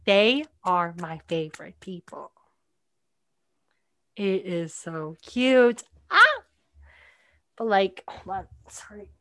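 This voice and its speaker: A woman's voice: mid-range voice, slow, pauses often, no echo, clean studio sound. A young woman hosting a podcast, chatting casually about a movie with lots of "like" fillers. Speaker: podcast host.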